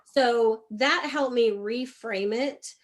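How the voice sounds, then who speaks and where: A middle-aged woman with a somewhat high voice tells a frank personal story as a guest on an interview podcast. She is animated and brings the quoted exchanges to life with rises and falls in pitch and loudness. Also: takes it slowly. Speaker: guest, leadership coach.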